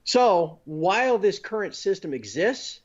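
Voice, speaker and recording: A man's voice: sits high, very animated, a little slow, lo-fi sound. A man being interviewed, explaining finance step by step and often checking in with "you know" and "okay?". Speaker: guest. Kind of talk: conversational interview.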